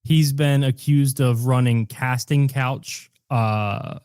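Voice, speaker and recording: A man hosting a casual podcast, teasing his guest and hamming up name pronunciations between plenty of ums and uhs. His voice sits at an ordinary middle pitch and is recorded close and dry, with no room sound. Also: fairly even intonation, darkish tone, clean tone, no room sound. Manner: joking, deliberately mispronounces names, many fillers. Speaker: podcast host. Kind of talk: casual chat.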